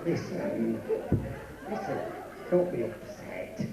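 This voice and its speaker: A man's voice: mid-range voice, lively intonation, slow, gravelly, over loud music, a loud crowd. A man with a Yorkshire accent working as a club comedian and compère, teasing his stage partner with brash banter. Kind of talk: live club comedy double act. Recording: echoey club recording from far off. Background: live audience.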